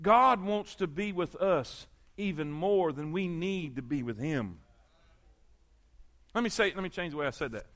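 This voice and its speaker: A man's voice: on the high side, expressive, measured pace, a bit bright. A man preaching a sermon as pastor, repeating phrases for emphasis and calling on his congregation for amens.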